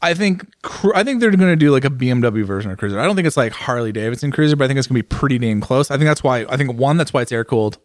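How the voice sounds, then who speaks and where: A man's voice: medium pitch, animated, very fast, few pauses, dry recording. Casual man chatting, dry close sound. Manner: rambling, repeats words when starting sentences. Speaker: podcast co-host. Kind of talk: casual motorcycle chat.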